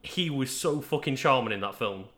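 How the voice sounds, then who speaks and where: Male co-host, easygoing, bright and sharp tone. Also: mid-range voice, lively intonation, normal speed. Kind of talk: casual chat.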